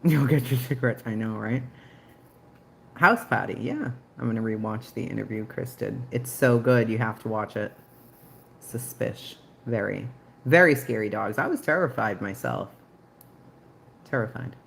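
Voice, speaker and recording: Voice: mid-range voice, normal speed, creaky, a little hiss or hum. A livestream host in casual commentary, snarky and profane, laughing often.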